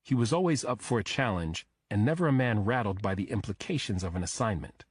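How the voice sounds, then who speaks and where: Low, husky male audiobook narrator. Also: lively intonation, a little fast, no echo, clean studio sound. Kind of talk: scripted first-person narration.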